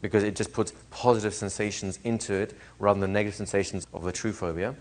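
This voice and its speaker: A man's voice: lowish voice, quick pace. Man teaching a live class. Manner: animated, asks the room questions, acts out little scenes. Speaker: hypnosis trainer. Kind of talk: classroom lecture to a live group.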